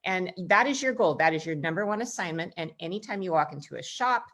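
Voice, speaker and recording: An American woman hosting a casual video-call chat, a tour guide telling travel stories in a brisk, emphatic way. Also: lowish voice, lively intonation, a bit bright.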